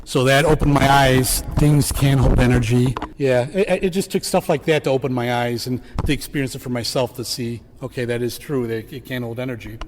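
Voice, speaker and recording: A man's voice: mid-range voice, fairly even intonation, fairly quick, few pauses, background noise. A man, a paranormal investigator, telling a story in a phone interview with rambling self-corrections.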